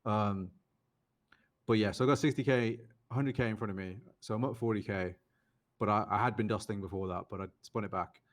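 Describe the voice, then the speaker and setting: A young British man, a poker player and podcast guest, telling casual stories and quoting others in raised, lively voices. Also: on the low side, fairly quick. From United Kingdom. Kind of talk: casual storytelling.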